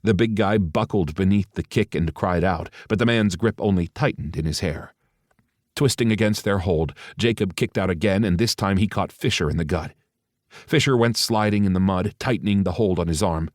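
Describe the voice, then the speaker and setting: Low-voiced guy narrating an audiobook, dry close sound. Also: dry recording.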